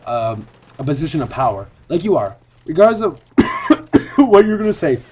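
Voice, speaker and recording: A man's voice: on the high side, huge pitch swings, moderate pace, darkish tone, a little hiss or hum. A man giving a casual, earnest video commentary as a gaming commentator, rambling and repeating himself.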